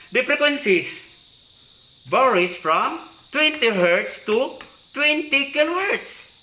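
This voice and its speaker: A man with a high, bright voice walks through an electronics lab demonstration, explaining each step and checking in with "okay?" as he goes. The sound is echoey, as if recorded in a bare room. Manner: explanatory, repeats mic tests and tag questions like "no?". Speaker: electronics teacher.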